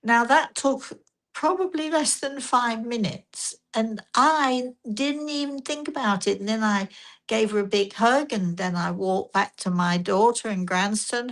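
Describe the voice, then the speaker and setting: An older woman, a spiritual medium and host, telling a story in a gentle, rambling way with frequent restarts. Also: a little high. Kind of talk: casual storytelling talk.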